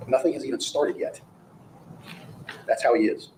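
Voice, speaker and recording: A man's voice: mid-range voice, animated, moderate pace, darkish tone. A man delivering a courtroom closing argument as prosecutor, emphatic and rhetorical, often repeating phrases for effect. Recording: echoey courtroom audio with faint noise.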